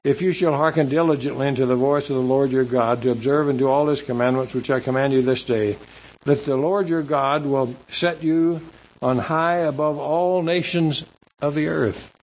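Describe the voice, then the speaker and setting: A man preaching at an even, middle pitch. He reads scripture slowly and comments between the verses. His delivery is halting, with frequent restarts and repeated words. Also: rough recording. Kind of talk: sermon.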